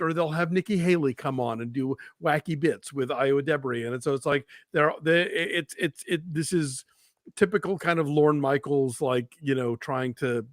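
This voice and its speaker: A man's voice: a little high, no echo, studio quality. A man co-hosting a movie news livestream, talking casually and with opinions, full of restarts and fillers. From Georgia, US. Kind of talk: casual chat.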